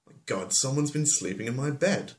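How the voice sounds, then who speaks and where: A man's voice: mid-range voice, lively intonation, normal speed, distant mic, voice pushed up, natural voice. A man voicing an indignant father bear who exclaims in a raised voice. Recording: roomy echo.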